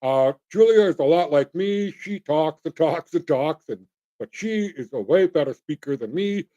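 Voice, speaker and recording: With highs cut off, this recording captures a middle-aged livestream host whose voice is on the high side and a little mellow. He rambles casually, airing his opinions and addressing his audience as folks.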